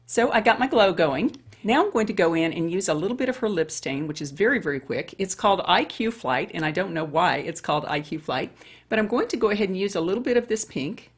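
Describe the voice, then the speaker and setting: A woman's voice: lowish voice, expressive, a little fast, husky. A woman over fifty chatting her way through a makeup tutorial and talking straight to women viewers. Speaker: beauty vlogger. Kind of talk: casual makeup tutorial chat.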